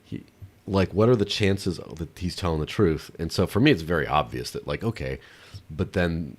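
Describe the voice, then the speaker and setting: Very deep-voiced blunt man chatting. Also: expressive, moderate pace, husky. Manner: blunt, irreverent, mildly exasperated. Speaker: podcast co-host. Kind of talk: casual chat.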